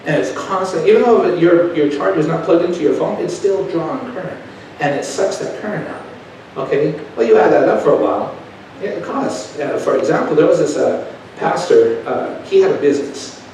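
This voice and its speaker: A man's voice: fairly high pitch, normal speed, a little mellow. A middle-aged man preaches in a loose, folksy way and keeps checking in with the people listening. His voice rings through a very echoey hall, picked up from well back from the mic, with a faint hiss underneath. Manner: folksy, conversational, asks the crowd questions. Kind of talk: sermon with personal stories. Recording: echoey hall, taken from far off.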